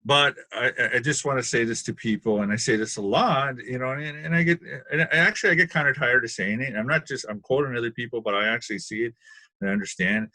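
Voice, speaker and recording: A man's voice: medium pitch, fast, sharp tone, no echo. A man on a webinar panel who talks in loose, rambling bursts and keeps checking in with "right?". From Canada. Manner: rambling, often asks "right?", laughs often. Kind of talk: casual panel discussion. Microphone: video call.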